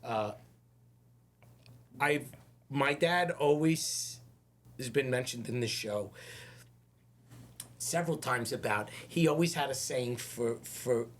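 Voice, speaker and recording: A man hosts a casual podcast interview in a husky voice. He rambles and repeats words, and he slows down to stress what matters. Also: mid-range voice. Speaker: podcast host.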